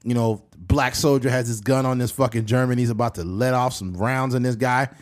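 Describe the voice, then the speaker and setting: A man co-hosting a casual podcast, animated and joking, dropping to low mutters. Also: a little fast. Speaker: podcast co-host.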